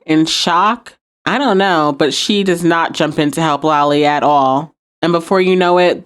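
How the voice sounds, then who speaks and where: A woman hosting a podcast, recapping a show episode in a casual, wry way and laughing often. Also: mid-range voice. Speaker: podcast host.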